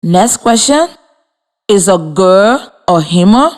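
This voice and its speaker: A woman teacher giving a scripted radio lesson to children, encouraging and clear, spelling words out letter by letter. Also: medium pitch, lively intonation, takes it slowly, a little mellow. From Liberia. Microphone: radio studio mic.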